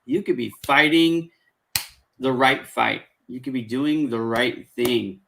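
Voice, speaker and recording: A man's voice: medium pitch, takes it slowly, vocal fry, sharp tone, slight background noise, poor audio. A man in his forties hosting a casual chat, giving earnest, emphatic advice. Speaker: host.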